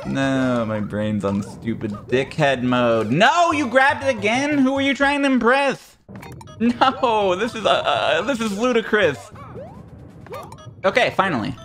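Playing a platformer with soft music behind him, a young male streamer speaks a little slowly in a high, animated, fairly bright voice. He mocks himself sarcastically throughout, yelping and cursing at every failure.

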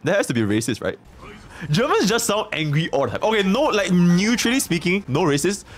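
Young man, streamer, casual rambling chat, animated, higher voice. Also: brisk. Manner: rambling, joking, bursts of loud laughter.

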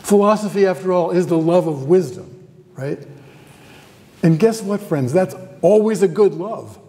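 A man's voice: high voice, unhurried, warm tone, big-room sound. A man giving a university lecture as a guest theology professor, conversational and often asking the audience questions. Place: lecture hall with a live audience.

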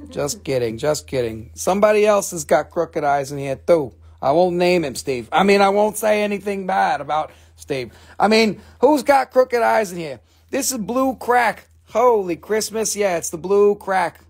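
A man hosting a casual live sale of stones, joking, rambling and swearing as he talks. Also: on the high side. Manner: joking, profane, rambling salesman. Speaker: live stream mineral seller. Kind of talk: casual live sales chat.

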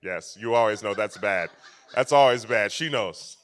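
A man preaching a sermon as pastor, telling stories with animation and swinging between loud and soft passages. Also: lowish voice, normal speed.

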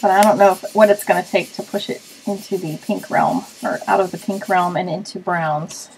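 A woman's voice: fairly low pitch, fairly even intonation, moderate pace, vocal fry, a little mellow, slight background noise, poor audio. A woman hosting a card-making web show, chatting casually and thinking aloud as she works on a live stream.

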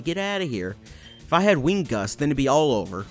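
A man's voice: mid-range voice, sing-song, a little fast, soft background music. A young man commentating his gameplay, telling a story in a rambling, swearing way with many restarts. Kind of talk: casual storytelling over gameplay.

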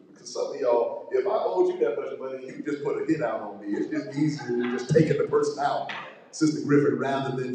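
Male pastor preaching, calling out to folks in the pews, warm low tone, mic far off. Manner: preaching with asides and call-outs to congregation members. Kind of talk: sermon with scripture reading. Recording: echoey hall, mic far off.

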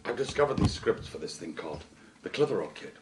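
A boastful showbiz dreamer. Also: male voice, deep voice, very animated, quick pace, distant mic, very noisy. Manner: boastful, rambling. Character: vain, showbiz-obsessed man boasting of film projects.

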